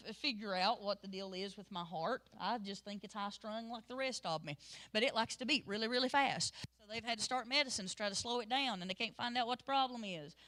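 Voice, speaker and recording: A middle-aged woman teaching Sunday school in a sermon style, telling stories in a lively way that swings between loud and soft. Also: on the high side.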